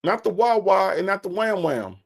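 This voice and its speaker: A man hosts a casual live stream, reading viewers' comments aloud. His voice has a gravelly, fry-tinged edge, and his pitch swings widely as he repeats himself in disbelief. His talk is loose and full of stammered restarts. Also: big pitch swings, moderate pace. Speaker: live stream host reacting to a phone call.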